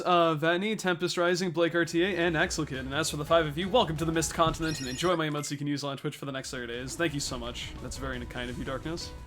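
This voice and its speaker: A man's voice: a little high, a bit bright. A young man streaming a speedrun, chatting casually as he thanks viewers and explains his game tactics. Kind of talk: casual livestream chat while speedrunning.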